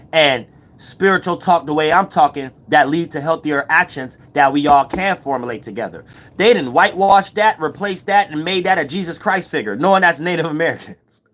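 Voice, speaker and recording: Channel host, male, slightly high voice, rambling loose slangy delivery, profane, keeps checking in with viewers. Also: a bit bright. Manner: rambling, repeats "you know what I'm saying". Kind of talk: casual monologue to viewers.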